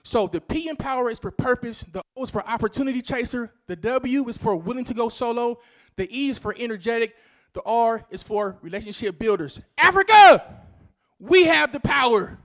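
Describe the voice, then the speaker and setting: A man with a strikingly high voice delivers a rousing motivational speech to a live conference audience. He calls out questions to the crowd and hammers his key phrases again and again. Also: a little fast. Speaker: conference speaker.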